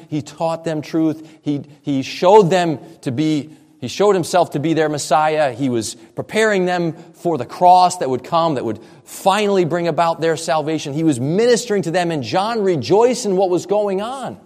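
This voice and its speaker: A man's voice: fairly high pitch, moderate pace, hardly any pauses, a little mellow, long reverb tail. A man preaching a sermon, earnest and expository, often repeating points for emphasis. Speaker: pastor.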